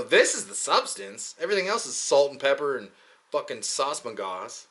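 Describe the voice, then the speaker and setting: A man's voice: mid-range voice, very animated, fairly quick, fairly bright tone. A young man talking in a rambling, profane, joking way, often slipping into mocking quoted voices. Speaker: podcast host. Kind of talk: casual rambling monologue.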